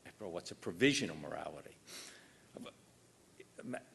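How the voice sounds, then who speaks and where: An older man delivering a formal academic lecture, measured and emphatic with dry asides. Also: deep voice, expressive, gravelly, fairly bright tone, slight background noise. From United States. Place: lecture hall.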